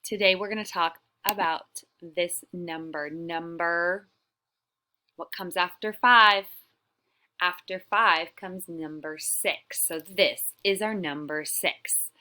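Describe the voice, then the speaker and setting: A young adult woman, a preschool teacher, gives an online lesson to small kids in a drawn-out, encouraging sing-song that often drops to a whisper. Her voice is lowish and sharp in tone, with fairly even intonation.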